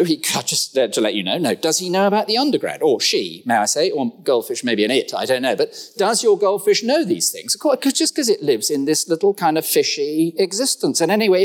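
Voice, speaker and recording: A middle-aged man preaching a sermon, conversational and lively, with rhetorical questions and humorous asides. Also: a little high. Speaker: pastor.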